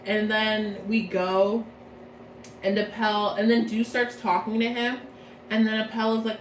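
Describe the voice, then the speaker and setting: A woman's voice: mid-range voice, flat delivery, a little slow, roomy sound, slight background noise, low-quality recording. A young woman giving a casual plot recap from memory, chatty and slangy, rambling playfully. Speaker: vlogger.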